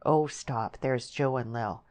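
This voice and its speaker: A woman's voice: rumbling low, takes it slowly, darkish tone. A woman voices a shy young country girl who speaks in rustic dialect, hesitant and plaintive, raising her voice above her own.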